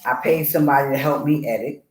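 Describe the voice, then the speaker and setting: A woman author telling a personal story in an animated way, acting out the voices of the people in it. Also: rumbling low, quick pace, reverberant, a little hiss or hum, low-quality recording. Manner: expressive, acts out voices in her story. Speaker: author guest.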